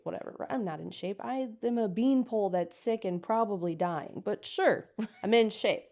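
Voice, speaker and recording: Woman in her 30s, interview guest, lively storyteller who does the voices of people she quotes. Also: medium pitch. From United States.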